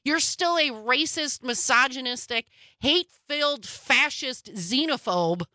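Sarcastic woman talk host, bright and a bit high, dry close mic. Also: animated, dry recording. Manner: sarcastic, quick asides. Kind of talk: casual political chat.

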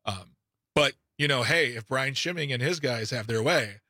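A male talk radio host with a bright, forward voice, heard in a dry, close studio with no room sound at all. He chats loosely, jumps into sarcastic asides and trips over his words as he restarts sentences. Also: mid-range voice, normal speed, no room sound. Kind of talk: casual political radio chat. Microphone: studio microphone.

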